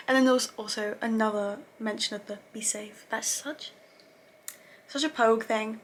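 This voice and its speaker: A woman's voice: on the high side, steady tone, moderate pace, slight background noise. A young woman casually recapping TV episodes, chatty and gushing, with lots of fillers and self-corrections. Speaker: TV review vlogger.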